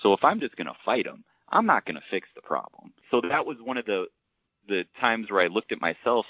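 A man who coaches basketball, casually telling a story on a podcast and acting out the quotes in a lively way. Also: lowish voice, a little fast, dry recording, dull audio. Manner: conversational, animated storyteller, acts out quotes.

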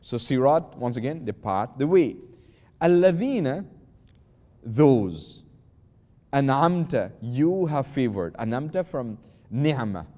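Mellow-voiced man teaching in a reverberant hall. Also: mid-range voice, very animated, slow, long pauses. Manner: patient, repeats key words, restarts with "uh". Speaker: religious teacher. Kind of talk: explanatory lesson, recited Arabic verses then translated.

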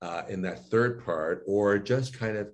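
Low-voiced animated male speech coach. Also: measured pace. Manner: animated, demonstrates intonation with exaggerated phrasing; laughs often, restarts sentences. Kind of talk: casual interview talk.

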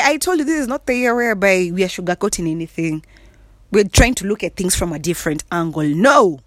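A woman giving a sassy, emphatic casual monologue from her bed, often clearing her throat and laughing. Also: on the low side, lively intonation, normal speed, dry recording, studio quality. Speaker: vlogger. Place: in bed at home.

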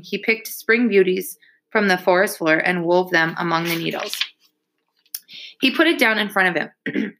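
A woman reading a children's novel aloud in a steady, measured storytelling manner. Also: medium pitch. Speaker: reader. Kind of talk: audiobook reading.

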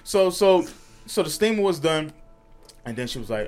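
A man's voice: a little high, sing-song, normal speed, long pauses, darkish tone, faint music behind. A man from New York co-hosting a podcast, telling stories in casual chat, swearing freely and laughing through them. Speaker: podcast co-host.

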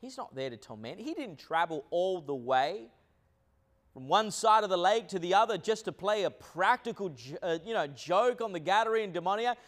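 A man preaching a sermon as pastor, with many fillers, swinging between hushed low lines and loud acted quotes. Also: expressive, moderate pace.

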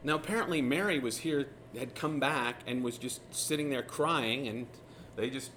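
Guy teaching a bible passage, chatty and loose, retells scenes like a story, normal pitch voice. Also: moderate pace, a little hiss or hum. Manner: casual, animated retelling of scripture scenes.

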